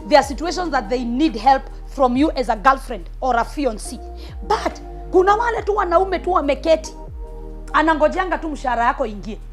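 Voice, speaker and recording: A woman preaches relationship advice with emphatic, punchy delivery and repeated short commands. Her voice sits fairly high. Faint music runs beneath her. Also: fairly bright tone. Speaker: prophetess preacher. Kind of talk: sermon-style relationship advice.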